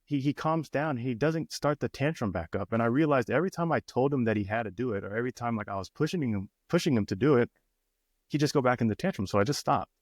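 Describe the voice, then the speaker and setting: A man's voice: mid-range voice, lively intonation, quick pace, dry recording, clean studio sound. A man in his thirties, a personal coach and podcast co-host, telling a family story in casual chat with many restarts. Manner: storytelling, many restarts, acts out quoted voices.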